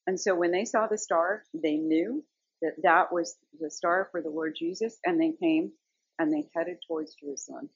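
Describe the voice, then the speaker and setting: A woman's voice: deep voice, moderate pace, slightly rough, no echo, highs cut off. A middle-aged woman giving an earnest, conversational devotional talk, telling stories. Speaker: Christian speaker.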